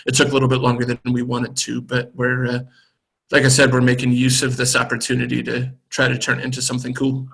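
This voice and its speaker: A man, a brewery co-owner, chatting on a video call in a relaxed, thoughtful way with many pauses and fillers. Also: medium pitch, gravelly, poor audio. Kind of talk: casual video call chat.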